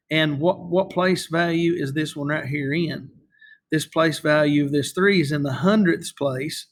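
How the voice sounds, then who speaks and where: A man's voice: on the high side, fairly even intonation, measured pace, fairly bright tone. A man teaching a recorded math lesson, patient and repeating himself, often checking in with "okay?" as he writes on the screen.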